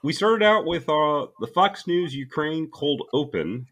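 A man co-hosting a casual comedy podcast, talking in a deadpan, sarcastic way. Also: fairly high pitch, a little slow. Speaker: podcast co-host.

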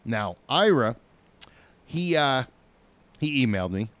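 Animated male podcast host. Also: mid-range voice, slow pace, no echo. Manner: laughing, enthusiastic. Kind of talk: casual chat.

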